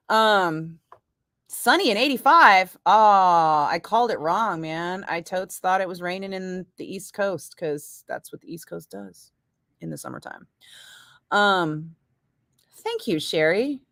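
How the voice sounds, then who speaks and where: A middle-aged woman radio DJ chatting casually with listeners between segments, frank and quick to laugh, swearing now and then. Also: lowish voice, bright, forceful tone, no echo, studio quality.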